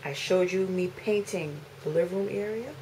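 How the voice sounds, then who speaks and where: A woman, ranting to camera as a mother, indignant and repeating phrases for emphasis, swinging between loud outbursts and low, weary lines. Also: normal speed, slight background noise, poor audio. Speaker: mother making a video complaint. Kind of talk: emotional rant to camera.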